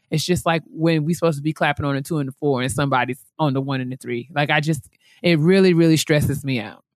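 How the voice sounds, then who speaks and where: A woman's voice: low voice, no room sound, clean studio sound. A young adult woman co-hosting a podcast in casual chat, talking chattily with fillers and repeating herself. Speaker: podcast co-host.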